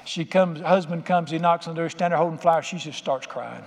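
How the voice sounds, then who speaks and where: A man's voice: fairly high pitch, fast talker, creaky. An older man preaching a sermon as pastor, folksy and conversational, acting out quotes in plain voices. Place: church sanctuary. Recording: reverberant hall with faint ambience.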